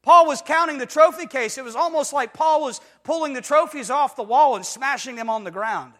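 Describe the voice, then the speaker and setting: Speaking in an extremely high, fairly quick, slightly bright voice, an adult pastor delivers an emphatic sermon in a reverberant hall. He often checks whether the congregation is following him, call-and-response style, and performs quoted voices in dramatic bursts.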